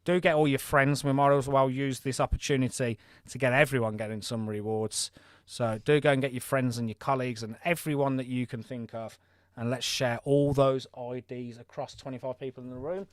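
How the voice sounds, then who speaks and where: A man's voice: mid-range voice, steady tone, a little fast, no room sound, studio quality. Chatty man with a mild Birmingham accent. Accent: mild Birmingham English. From Birmingham, England. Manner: chatty, friendly, reads out scores and thanks viewers. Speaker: game live-stream host. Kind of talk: live game commentary and chat.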